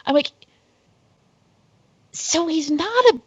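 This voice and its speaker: Female podcast guest, slightly higher voice, candid, dull dry remote line. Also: lively intonation, slow pace, dry recording. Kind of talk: casual podcast chat.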